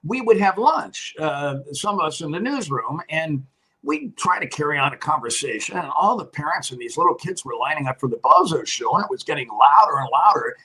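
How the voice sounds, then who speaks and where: An older man with a slightly husky, somewhat high voice spins anecdotes in a relaxed chat. His pitch swings a lot as he acts out the stories, and he often laughs along with them. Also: fairly quick, poor audio. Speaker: guest, retired TV meteorologist. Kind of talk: casual storytelling chat.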